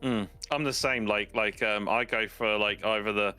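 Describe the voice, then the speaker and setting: Bright-voiced chatty woman. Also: extremely low pitch, steady tone, moderate pace, clear, resonant tone, faint music behind. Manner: chatty, laughs along. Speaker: guest streamer. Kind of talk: casual gaming chat.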